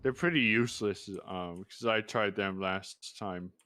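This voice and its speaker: A man's voice: fairly low pitch, unhurried, pushed and bright, a little hiss or hum. A man chatting casually as a fellow player, offhand and laid-back. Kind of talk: casual gaming chat.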